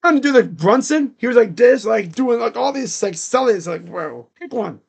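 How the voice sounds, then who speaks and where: High-voiced man calling a game live. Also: animated, moderate pace, gravelly, husky. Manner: casual, rambling, heavy use of "like". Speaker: live reaction streamer. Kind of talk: live play-by-play reaction commentary.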